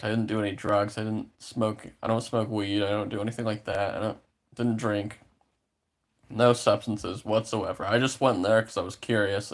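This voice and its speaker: Young guy ranting a story, lots of cursing and "like", kinda low voice. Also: a bit bright. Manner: rambling, frequent swearing and filler words. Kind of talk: casual storytime rant.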